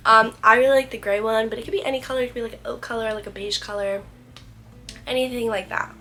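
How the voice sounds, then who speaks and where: Young woman vlogging, kinda high, super bright voice, stuffy and congested, says like a lot. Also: steady tone, fast. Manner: chatty, fills speech with "like". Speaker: lifestyle vlogger. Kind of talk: casual chat.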